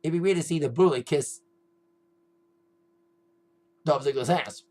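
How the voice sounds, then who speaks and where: A man's voice: on the high side, unhurried, a little mellow, poor audio. Chatty young man reviewing wrestling. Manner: chatty, rambling, repeats himself, laughs now and then. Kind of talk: casual spoken review.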